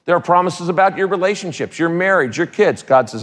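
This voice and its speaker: A man preaching a sermon as a pastor, emphatic, repeating key phrases and dropping quick casual asides. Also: sits high, animated, fairly bright tone. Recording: long hall reverb.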